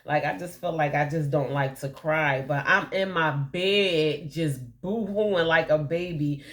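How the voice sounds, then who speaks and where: A woman's voice: deep voice, unhurried, a bit bright. A woman telling her personal testimony in a candid, rambling way, with many fillers and frequent laughs. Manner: laughs often while telling her story. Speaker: motivational speaker.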